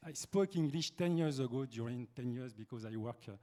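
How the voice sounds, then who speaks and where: Man, French accent, native French speaker, panel presentation, halting English, searching for words. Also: medium pitch, dark tone.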